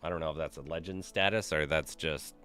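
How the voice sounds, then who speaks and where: A man's voice: very deep voice, brisk, sharp tone, clean tone, soft background music. A young man streaming a game, chatting casually with viewers, reading names from chat and telling crude, joking stories. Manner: loose, profane, joking storyteller reading chat.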